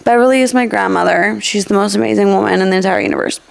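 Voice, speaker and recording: A woman's voice: mid-range voice, very fast, gravelly, a crowd in the background. A young adult woman hosting a podcast, telling stories in a casual chat with lots of laughter. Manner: animated storytelling with frequent laughter. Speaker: podcast host.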